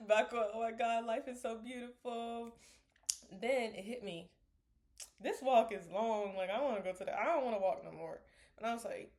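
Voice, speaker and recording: Young woman talking to her camera, earnest and rambly, sips a smoothie, goes whispery sometimes. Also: mid-range voice, a little mellow. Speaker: vlogger. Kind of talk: casual motivational talk to camera.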